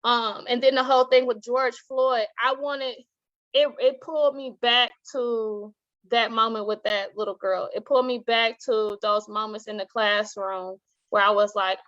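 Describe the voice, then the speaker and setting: High-voiced woman telling classroom stories. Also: highs cut off. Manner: animated storytelling, acts out quoted voices, laughs often. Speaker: guest, teacher and author. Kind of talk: casual interview talk.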